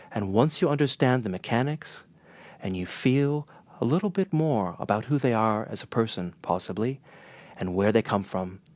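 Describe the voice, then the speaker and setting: Northern American man, measured and earnest. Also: lowish voice, no room sound. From northern United States. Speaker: interpreter and teacher. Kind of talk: scripted lesson to camera.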